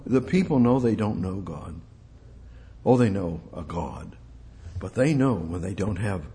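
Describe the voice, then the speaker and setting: Emphatic preacher man, repeating himself. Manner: emphatic, repeats phrases, asks the listeners questions; swings between loud exclamations and low asides. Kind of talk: sermon with Bible reading.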